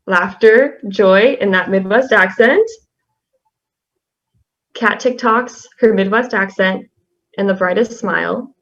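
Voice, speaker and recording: A young woman, the class representative, reads a tribute poem out loud in a soft, halting voice, filling the gaps between phrases with fillers. Her pitch is an ordinary middle. The recording sounds a bit dull and lo-fi.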